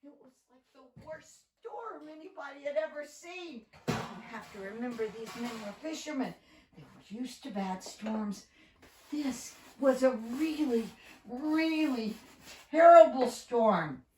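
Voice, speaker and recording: A woman telling a Bible story to children, animated and talking straight to them. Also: medium pitch. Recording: roomy echo, distant mic, faint noise.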